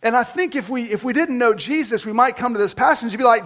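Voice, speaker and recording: A man preaching a sermon to his congregation in an earnest, conversational way, acting out quotes with lively energy. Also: extremely high pitch, fast, few pauses. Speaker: pastor.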